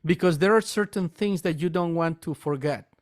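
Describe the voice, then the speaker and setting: Earnest man telling a halting personal story. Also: fairly high pitch. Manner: earnest, halting, repeats words when emotional. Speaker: metaphysical store owner and meditation teacher.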